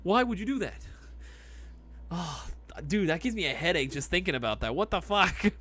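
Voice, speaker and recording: A young man hosting a live stream, chatting casually and reacting loudly to chat messages. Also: high-pitched, expressive, moderate pace, breathy edge. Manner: laid-back, chummy, calls people dog and brother.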